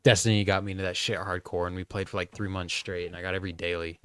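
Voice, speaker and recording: Low-voiced man telling stories on a podcast. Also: fast, clean tone, no room sound, clean studio sound. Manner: profane, animated storytelling. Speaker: podcast co-host. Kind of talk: casual chat.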